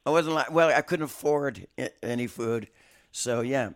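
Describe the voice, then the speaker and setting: A man's voice: mid-range voice, normal speed. A man in his sixties, a guest musician in a studio, telling stories in a rambling, self-mocking way with many restarts. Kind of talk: casual interview storytelling.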